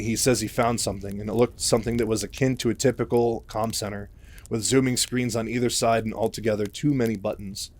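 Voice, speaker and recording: A man casually retelling a novel's plot in a chatty, loose way, full of fillers. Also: on the low side. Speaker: story retelling host.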